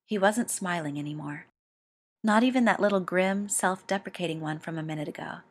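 A woman reading a story aloud, slowly and with feeling. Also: fairly low pitch. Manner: slow and expressive. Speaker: reader.

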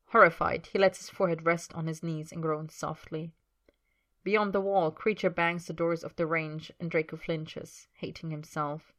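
A woman narrates a story aloud in a low, even voice. Her reading is measured and expressive, carrying scene and dialogue alike.

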